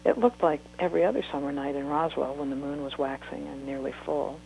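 A woman's voice: deep voice, steady tone, fairly quick, creaky, dark tone, slight background noise, low-quality recording. Woman author reading her book aloud.

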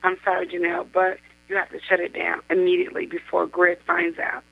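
A woman voicing an indignant adult woman who scolds her friend, reading aloud, her voice jumping high when she yells. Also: monotone, brisk, gravelly, dry recording. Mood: scolding. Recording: dull lo-fi radio sound.

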